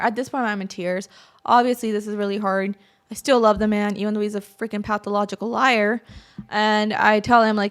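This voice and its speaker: A young woman hosting a podcast, telling a personal story in casual chat and acting out family members' lines with lively exaggeration. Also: mid-range voice, fairly quick, clean tone. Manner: animated, quotes family members in exaggerated voices. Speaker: podcast host.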